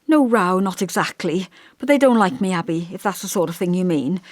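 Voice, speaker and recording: A woman's voice: fairly low pitch, animated, brisk, no echo, natural voice. A subdued young wife, read by a woman narrator, guarded and evasive in a voice that rises and falls freely. Close and dry, with no room sound. An audiobook dialogue read without heavy character acting. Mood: wary.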